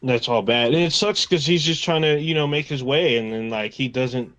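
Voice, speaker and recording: A man's voice: mid-range voice, moderate pace, fairly bright tone, no room sound, faint music behind. A man in a casual livestream chat, talking at an easygoing, rambling pace. His voice sits mid-range and sounds close and dry. He keeps slipping into quoted reactions. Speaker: podcast co-host.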